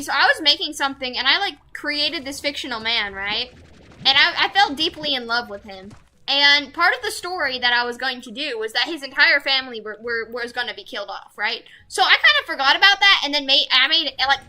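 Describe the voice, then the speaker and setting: A young woman streaming a game, chatting casually with her viewers and gushing loudly over cute things. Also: high voice. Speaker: VTuber streamer. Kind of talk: casual gameplay chat with viewers.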